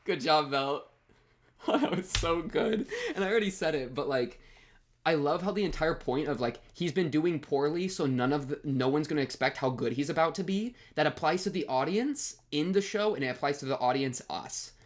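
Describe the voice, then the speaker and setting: A man's voice: fairly high pitch, fairly quick. A young man hosting an anime reaction, talking in casual, gushing commentary and throwing in "bro" constantly. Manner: excitable, gushing, peppers speech with "bro".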